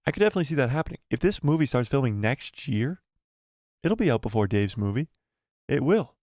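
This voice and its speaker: Animated man hosting a live stream. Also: mid-range voice, brisk, no echo, studio quality. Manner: animated, repeats himself while building theories. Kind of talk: casual live-stream commentary.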